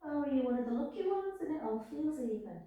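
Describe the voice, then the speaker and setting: A woman's voice: high-pitched, big pitch swings, narrow, tinny audio. Soothing woman pilates instructor, echoey room. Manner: soft, slow, soothing cues with sighs of "oh, gorgeous". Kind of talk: guiding a pilates class. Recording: echoey room, far from the mic.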